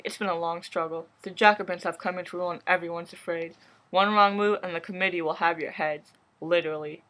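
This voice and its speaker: A woman's voice: fairly low pitch, pushed and bright, poor audio. A woman playing a bitter, moderate male revolutionary in a school history role-play, earnest and indignant.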